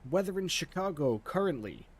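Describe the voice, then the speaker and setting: A man's voice: fairly high pitch, normal speed, breathy edge. A man streaming a flight simulator, chatting casually and joking as he commentates live on the game. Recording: steady background noise.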